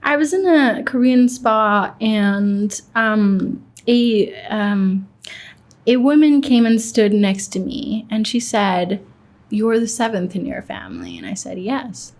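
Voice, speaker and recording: A woman's voice: fairly high pitch, slow pace, a little mellow. A young woman from Pakistan, a guest in an interview, telling a personal story in a reflective way and quoting her own thoughts.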